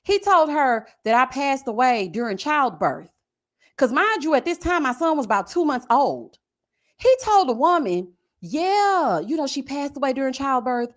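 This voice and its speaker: A young woman, telling a personal story on a live stream in a casual, expressive way. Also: high-pitched. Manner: animated and expressive, drawn-out endearments. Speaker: reality show commentator.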